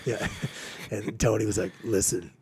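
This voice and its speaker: Husky man telling war stories. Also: on the low side, brisk. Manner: animated storyteller, acts out quotes with laughs. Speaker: podcast guest. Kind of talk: casual storytelling conversation.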